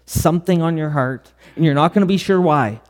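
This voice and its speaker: A man's voice: a little high, a little fast. Male pastor, middle-aged, earnest sermon storyteller, long hall reverb. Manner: earnest storytelling with quoted dialogue.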